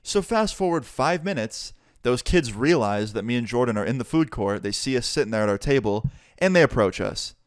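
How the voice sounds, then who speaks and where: A young man telling a storytime vlog in a casual, animated way, swearing freely, recorded on a close mic. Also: medium pitch, brisk, no echo. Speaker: vlogger.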